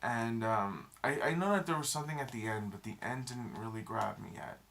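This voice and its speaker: A man's voice: medium pitch, brisk, creaky, fairly bright tone. A young man vlogging a casual, rambling movie review, full of fillers and restarts.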